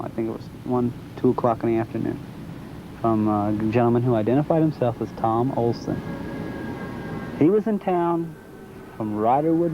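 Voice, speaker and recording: A man being interviewed, telling a long personal story in a casual way and acting out the dialogue he remembers. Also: fairly low pitch. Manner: animated retelling, acts out quoted dialogue. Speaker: interviewee recounting a sighting. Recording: muffled lo-fi recording, faint background noise.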